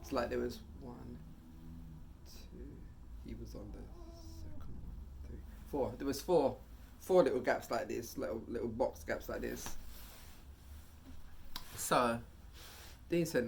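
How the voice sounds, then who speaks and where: Animated man telling a story. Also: slow, gravelly, long pauses, slight background noise. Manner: animated, swings loud and high at tense moments. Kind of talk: casual storytime monologue.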